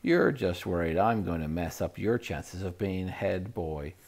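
A man's voice: low voice, lively intonation, unhurried, gravelly, a little mellow, full character voice. Man doing a hot-tempered teenage schoolboy. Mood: angry. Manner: defensive, indignant.

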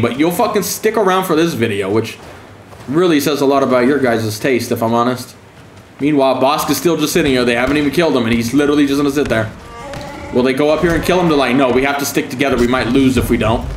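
A man's voice: on the high side, lively intonation, fast, echoey room, a little hiss or hum. A man giving profane, sarcastic commentary while streaming a game, taunting opponents with mock-scared calls. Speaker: gaming streamer.

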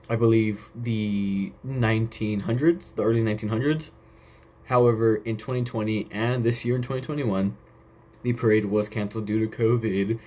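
A man's voice: lowish voice, darkish tone. A young man hosting a casual solo podcast, rambling off on tangents and swearing casually. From United States. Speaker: podcast host.

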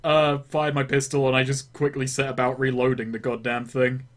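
A man's voice: mid-range voice, flat delivery, moderate pace. A man playing a tabletop game, brashly declaring his character's actions. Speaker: player. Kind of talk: casual tabletop play.

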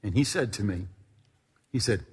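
Speaking at normal speed in an animated voice on the low side, a middle-aged male pastor performs the characters' voices while telling a story in his sermon. He addresses the congregation in a church sanctuary, and the recording has a noisy background and long hall reverb.

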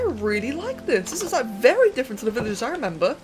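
A young woman giving chatty, excitable let's-play commentary, thinking aloud and talking to the characters on screen. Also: fairly high pitch, quick pace, hardly any pauses, over music. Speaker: gaming channel host.

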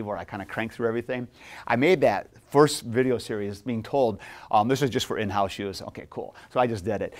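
A middle-aged man teaching a theology class in a classroom, casual and animated, telling stories and joking with his students. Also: medium pitch. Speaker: seminary professor.

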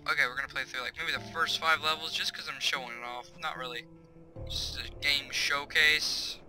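A man's voice: fairly high pitch, fairly even intonation, normal speed, pushed and bright, faint music behind, poor audio. A young man giving casual, chatty let's-play commentary from his bedroom, reading on-screen tips aloud. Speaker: gaming YouTuber. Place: home bedroom.

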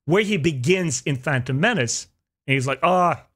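A man's voice: fairly high pitch, animated, moderate pace, a bit bright, slightly rough. A man hosting a casual podcast chat, reflecting aloud and asking long, winding questions. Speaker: podcast host.

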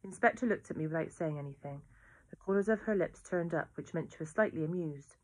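Low-voiced woman reading a novel. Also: fast, darkish tone. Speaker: reader. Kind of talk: reading a children's novel aloud.

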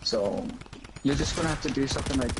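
A man's voice: mid-range voice, quick pace. A young man chatting while gaming, giving rambling advice full of fillers. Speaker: friend playing along. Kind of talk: casual gaming chat. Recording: heavy gunfire noise behind voice.

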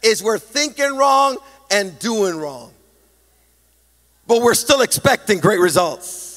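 Pastor preaching in a big church hall with long reverb, man with a high voice and a lilting, animated delivery. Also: slow pace. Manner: animated preaching, sing-song emphasis, self-deprecating humor. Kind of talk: sermon.

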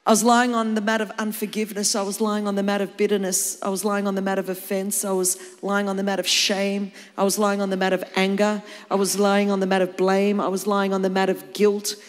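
An Australian woman in her fifties preaches a sermon with a medium-pitched voice, brisk and flat in delivery with few pauses. Her passion rises into emphatic exclamations, and a large hall gives her a long reverb.

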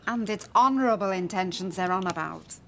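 A woman's voice: mid-range voice, fairly quick, sharp tone, a little hiss or hum. An actress playing a wry woman who teases an old friend about gossip, in a television soap. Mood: teasing. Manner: teasing, wry. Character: teasing, gossip-savvy woman.

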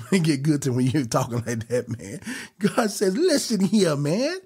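A man preaching a fervent podcast sermon, exhorting listeners with quick bursts and drawn-out emphasis. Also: mid-range voice, lively intonation, darkish tone, husky.

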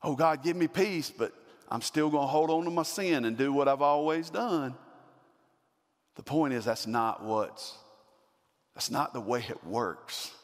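A man's voice: medium pitch, a little slow, big-room sound. A man preaching a sermon as pastor, building to emphatic repeated questions. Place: church sanctuary.

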